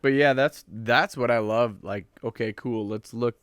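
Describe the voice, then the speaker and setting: A young man, co-hosting a casual podcast and telling an animated story. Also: medium pitch, unhurried, clear, resonant tone, no room sound, clean studio sound. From Minnesota. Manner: animated storyteller, acts out voices of others. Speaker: podcast co-host. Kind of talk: casual chat.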